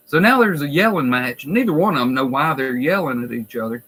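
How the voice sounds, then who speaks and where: A man's voice: mid-range voice, normal speed, a bit bright, poor audio. A man who works in a nursing home, telling stories in a blunt, profane, wry way. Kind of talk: casual storytelling vlog.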